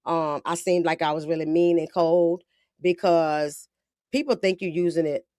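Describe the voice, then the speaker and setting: A woman's voice: low voice, steady tone, normal speed, a little mellow, smooth, no echo, studio quality. Blunt, slangy woman podcast host. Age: adult with a daughter. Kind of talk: casual podcast chat.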